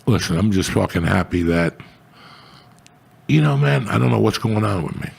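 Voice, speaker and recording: An older man telling profane stories in casual chat, swearing often and working himself up into loud outbursts. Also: lowish voice, lively intonation, moderate pace, gravelly, slightly rough. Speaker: comedian, show guest.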